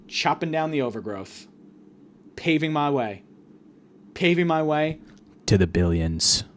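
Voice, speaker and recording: A man's voice: fairly high pitch, slight background noise. A young man hosting a podcast, ranting in a mock-grandiose comedic monologue with sudden swings in volume. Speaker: podcast host.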